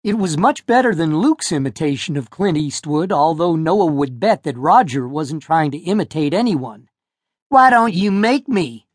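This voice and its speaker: A man narrating an audiobook with expressive storytelling, recorded close to the mic. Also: on the high side, moderate pace, breathy edge, dry recording. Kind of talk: scripted narration. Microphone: close studio mic.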